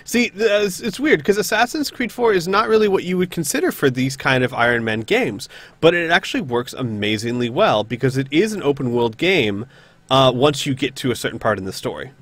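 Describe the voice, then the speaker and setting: A man's voice: medium pitch, animated, fairly quick, fairly bright tone, no echo. A man streaming a game, chatting casually and rambling with many restarts.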